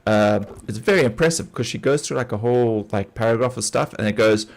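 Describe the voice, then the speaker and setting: A man's voice: mid-range voice, brisk. A middle-aged man from South Africa with a South African accent, chatting casually on a game stream, rambling with lots of fillers and laughing often. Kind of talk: casual gaming chat.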